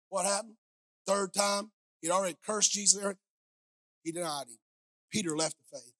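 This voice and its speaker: A middle-aged woman pastor preaching a sermon on a clip-on mic, swinging from soft asides to loud shouted peaks and joking with the congregation. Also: medium pitch, normal speed, pauses often. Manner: playful, talks directly to the congregation. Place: church sanctuary. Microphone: headset or clip-on microphone.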